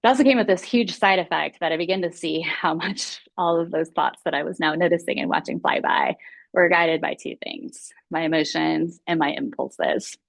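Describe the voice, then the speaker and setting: Speaking with vocal fry at a fairly low pitch, a woman shares her personal story as a guest mindfulness teacher, and there's no echo. Her storytelling is open and confessional, and she voices her past thoughts as if reliving them.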